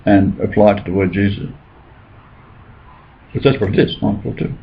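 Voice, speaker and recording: With a fairly low, creaky voice at a normal speed, the man rambles and insists on his religious claims in a casual conversation. Dull lo-fi audio, faint noise in the background.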